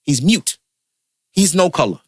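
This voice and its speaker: Man, podcast host, heated profane rant, lively swooping pitch, dry close sound. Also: a little slow, dry recording. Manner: heated, profane ranting about music and comedy. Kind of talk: casual podcast chat.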